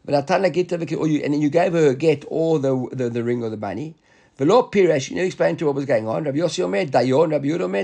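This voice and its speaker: A man teaching a Talmud class, explaining quickly and repeating words as he reasons aloud. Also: on the high side, creaky, a little mellow, husky.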